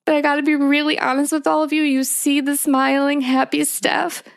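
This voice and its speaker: A woman's voice: high voice, monotone, vocal fry, no room sound, studio quality. A woman co-hosting a podcast, speaking openly and emotionally in casual chat. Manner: open, emotional, quick bursts of speech. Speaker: podcast co-host.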